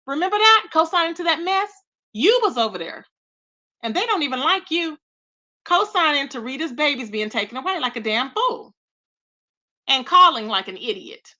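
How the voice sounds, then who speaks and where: A woman hosting a live stream who reads viewers' chat aloud and gives gossip commentary in an animated, expressive way, laughing often and talking straight to her audience. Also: high-pitched.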